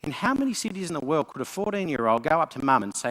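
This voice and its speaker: Aussie guy doing a keynote, bright forceful voice, big hall echo. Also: mid-range voice, fast talker, few pauses. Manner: lively storyteller, voices characters in jokes. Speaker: keynote speaker. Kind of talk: conference talk with jokes. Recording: long hall reverb.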